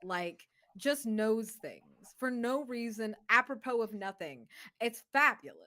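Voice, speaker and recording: A woman player in a tabletop game, gushing and rambling fast with many fillers in a casual post-game chat. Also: on the high side, lively intonation, sharp tone.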